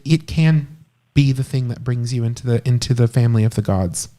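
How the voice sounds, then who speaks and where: A man of middle pitch co-hosting a live podcast, speaking with fervent, emphatic conviction. He drives his points home as if giving a short sermon. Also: fairly even intonation, a little fast, warm tone. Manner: passionate and emphatic, declaiming. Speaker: co-host, witchcraft priest.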